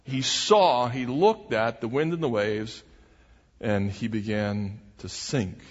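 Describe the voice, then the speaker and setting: A man's voice: medium pitch, slow. A man preaching a sermon as pastor, earnest and emphatic, often restarting his phrases. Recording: dull recording with long hall reverb.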